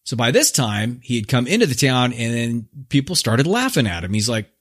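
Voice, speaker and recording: A man's voice: medium pitch, very animated, normal speed. A man hosting his own podcast, retelling an old fable in a laid-back, slangy, joking way. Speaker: podcast host. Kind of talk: casual storytelling monologue.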